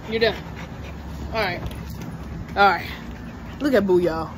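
Young woman, casual vlogger, slangy and chatty, middle pitch, clear background noise on a phone mic. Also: slow pace, long pauses. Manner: chatty, slangy, addresses viewers as y'all; breaks into high-pitched coaxing talk with her dogs. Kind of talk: casual vlog chat to viewers. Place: home and car, partly outdoors.

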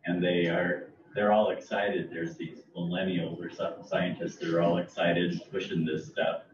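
A man's voice: sits low, little pitch movement, moderate pace. An older man from Oregon speaking emphatically as an audience member at a library talk. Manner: emphatic, concerned. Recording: roomy, distant, muffled with faint noise.

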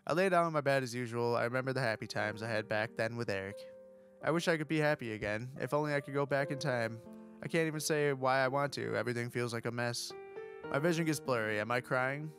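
A man's voice: medium pitch, fast, a bit bright, soft background music. A man hosting a let's play, reading the game's text aloud in a mock-dramatic way.

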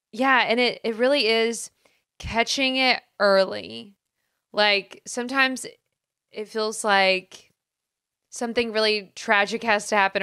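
A woman's voice: medium pitch, pushed and bright, smooth, dry recording, clean studio sound. A woman co-hosting a podcast, responding in a supportive, affirming way in casual conversation. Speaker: podcast co-host.

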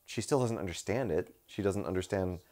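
A man with a very low, deep voice reviews a movie in casual conversation. He talks in an animated way, swears freely and laughs often. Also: brisk. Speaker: co-host.

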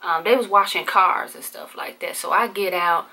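A woman's voice: lowish voice, normal speed, few pauses, pushed and bright. A woman vlogger telling a candid personal story in casual, profane, conversational speech.

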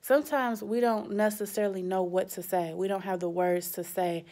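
A woman's voice: mid-range voice, fairly even intonation, moderate pace. A young adult woman, a children's pastor, speaking straight to the kids in a sermon with emphatic rises. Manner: warm, direct address to kids, emphatic rises.

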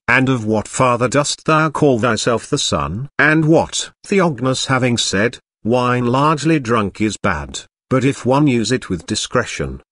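A man giving a measured scripted reading of an old theological text as an audiobook reader. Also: medium pitch, a bit bright, no room sound, clean studio sound.

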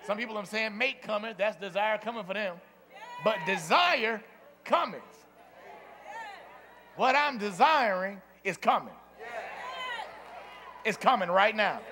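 A man preaching a sermon as pastor, shouting and laughing through repeated refrains before a congregation. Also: sits high. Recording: live church recording with crowd and noise.

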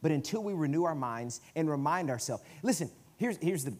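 A man with a Southern US accent, a guest preacher giving a conversational sermon in a church, swinging from quiet asides to emphatic, loud bursts. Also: fairly high pitch, animated, brisk. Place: church sanctuary.

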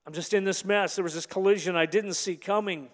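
Pastor, male, high-pitched voice, preaching to a congregation with long hall echo. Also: fairly even intonation, brisk. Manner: builds from hushed reflection to emphatic preaching. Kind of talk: sermon. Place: large church hall.

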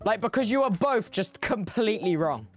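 A man's voice: sits high, expressive, normal speed. A man playing along on a voice call, chatting in a laid-back, teasing way and often trailing off mid-thought. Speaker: co-player. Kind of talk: casual gaming chat.

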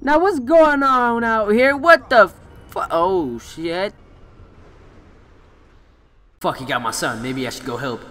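A young man voicing a cowardly father who quietly mumbles excuses in a game skit. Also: very high-pitched, measured pace, few pauses, smooth, heavily acted. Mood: sheepish.

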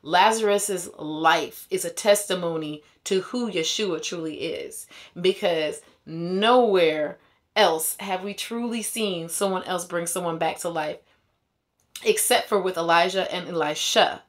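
A woman with a low, unhurried voice retells the Bible casually, like a teacher. She paraphrases in slangy everyday speech, dropping in conversational asides and laughing often.

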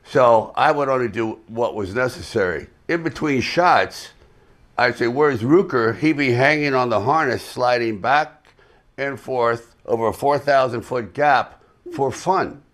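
An older man tells a story at an easy pace, wry and dry-humored. He sounds like he is speaking over a video call on a press panel. His pitch sits in an ordinary middle range for a man. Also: a little slow, fairly bright tone. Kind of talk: anecdotal storytelling.

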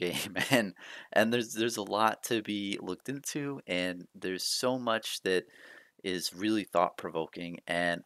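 A low-voiced man rambles with excitement about a card game, keeping his voice down because it is late at night. He laughs often and restarts his sentences, and the recording sounds close and dry, with no room sound. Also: dry recording. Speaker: card game video host. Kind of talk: excited casual commentary.

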